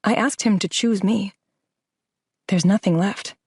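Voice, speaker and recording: A woman's voice: medium pitch, measured pace, a little mellow, slightly rough, dry recording. A woman reading a first-person romance audiobook in an intimate, emotive way, close to the mic. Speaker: audiobook narrator. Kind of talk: scripted first-person narration.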